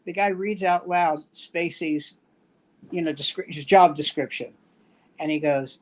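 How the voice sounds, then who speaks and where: A man's voice: on the high side, a little slow. An older man hosting a casual comedy talk show, retelling film scenes and acting out the dialogue with energy. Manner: animated storyteller acting out quoted dialogue. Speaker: host.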